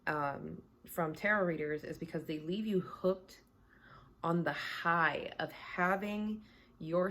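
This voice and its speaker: A woman who reads tarot, talking casually from her home in a blunt, candid, conversational way. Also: deep voice. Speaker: tarot reader. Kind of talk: casual chat.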